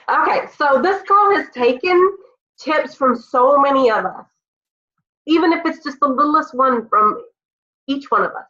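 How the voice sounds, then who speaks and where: A woman's voice: a little high, fairly bright tone. A woman leading a team call, speaking emphatically and with feeling to her listeners. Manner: emphatic, heartfelt, addresses listeners as y'all. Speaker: team leader hosting the call. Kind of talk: encouraging team call talk. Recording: dull lo-fi sound.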